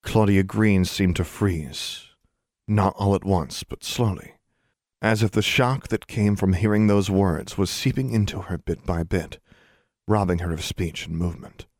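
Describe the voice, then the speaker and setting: A man narrating a novel as an audiobook in a measured storytelling manner, giving the characters their own voices. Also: deep voice, fairly even intonation, darkish tone, no echo, clean studio sound.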